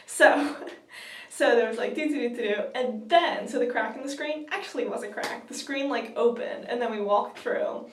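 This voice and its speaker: A woman's voice: on the high side, moderate pace, slight background noise. A young woman vlogger telling a story in a giggly, gushing way, full of fillers. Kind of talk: excited casual storytelling. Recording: roomy, distant from the mic.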